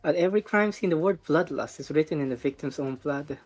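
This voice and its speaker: A woman's voice: low-pitched, fairly quick, a little mellow, soft background music, pitched below the performer's own voice. Makoto, an earnest boy read by a woman. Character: teenage boy detective, earnest and polite. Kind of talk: reading game dialogue aloud.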